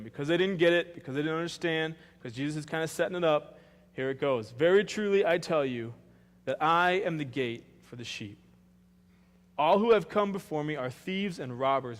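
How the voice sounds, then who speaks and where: Guy pastor preaching casual and jokey, acts out little dialogues, voice kinda high, big echoey church. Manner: conversational, joking, acts out dialogue. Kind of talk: sermon. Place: church sanctuary. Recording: reverberant church hall.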